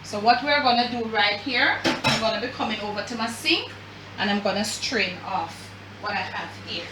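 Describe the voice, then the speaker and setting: A woman's voice: mid-range voice, expressive, normal speed, echoey room, far from the mic, very noisy. A woman with a Jamaican accent hosting a cooking demonstration, talking chattily to her viewers as family while she works at the stove. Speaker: cooking show host. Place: home kitchen.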